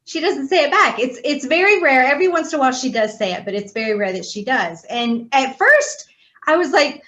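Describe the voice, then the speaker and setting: A woman chatting casually on a panel show, animated and playful, laughing often and acting out quotes. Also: sits high, brisk. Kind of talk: casual group chat.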